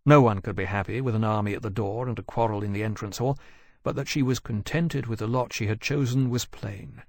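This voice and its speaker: A man reading a novel aloud as an audiobook narrator, in even, measured storytelling. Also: fairly low pitch, creaky, no room sound, studio quality. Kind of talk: scripted narration.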